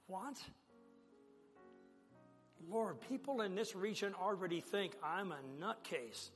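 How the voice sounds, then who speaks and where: A pastor delivers an animated sermon story, acting out both sides of the conversations. His voice sits a little high for a man. It rings through a large hall with a long tail of reverb, over faint background music. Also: moderate pace.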